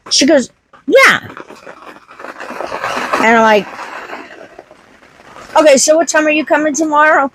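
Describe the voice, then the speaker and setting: A woman's voice: a little high, a bit bright, poor audio. A woman homestead vlogger chatting casually to camera, telling a story with acted-out quotes.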